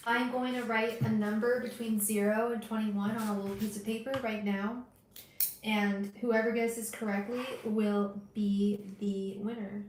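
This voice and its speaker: A woman hosting a live tarot reading, talking gently and directly to her viewers with frequent restarts. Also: fairly high pitch, roomy sound, a little hiss or hum, rough recording. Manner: gentle, soothing, talks straight to viewers; emotional, hesitant restarts. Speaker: tarot reader livestream host. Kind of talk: casual livestream reading.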